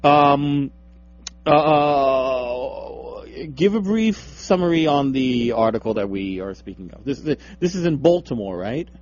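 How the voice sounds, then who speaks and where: A young man co-hosts a local radio show in a loose, joking way, teasing and laughing as he goes. His voice sits at an ordinary pitch for a man. The sound is dull and lo-fi, like a modest radio stream. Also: animated, slow pace, darkish tone. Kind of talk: casual radio banter.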